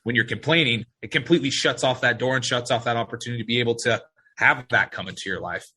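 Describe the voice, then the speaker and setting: A man's voice: medium pitch, fast, sharp tone, slightly rough. A man hosting a casual podcast conversation, talking in an earnest, agreeable way and often restarting his phrases. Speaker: podcast host.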